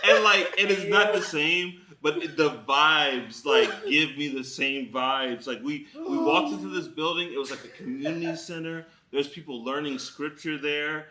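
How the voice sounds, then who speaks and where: A man's voice: a little high, moderate pace, hardly any pauses, bright, forceful tone, reverberant. A man co-hosting a podcast watch party, telling a story with lots of laughter and acted-out quotes in casual chat. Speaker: podcast co-host.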